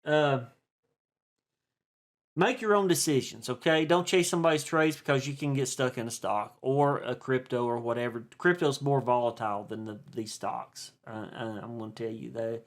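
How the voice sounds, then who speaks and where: A man's voice: mid-range voice, steady tone, moderate pace. A man with an East Tennessee accent, rambling in a chatty, folksy way through a casual vlog monologue, full of fillers and restarts. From East Tennessee, USA. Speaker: stock and crypto video host.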